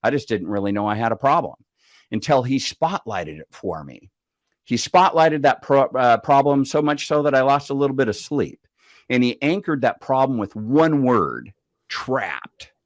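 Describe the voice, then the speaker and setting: A middle-aged man telling a story as an interview guest, chatty and animated, acting out the voices of people in it. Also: mid-range voice, normal speed, no echo, clean studio sound. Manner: animated, acts out the voices of people in his stories; chatty, with many fillers like "I'm like going".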